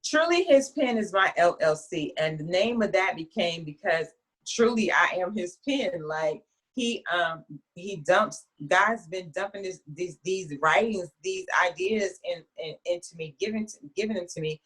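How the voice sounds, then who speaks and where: A woman author in an interview, telling her story in a chatty, lively way with frequent restarts. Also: lowish voice, normal speed, husky.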